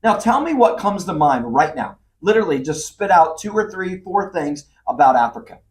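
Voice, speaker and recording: Animated male leadership speaker, bit distant. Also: high-pitched, normal speed. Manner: animated, acts out quoted voices, addresses the listener directly. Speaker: leadership speaker and podcast host. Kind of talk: motivational teaching talk.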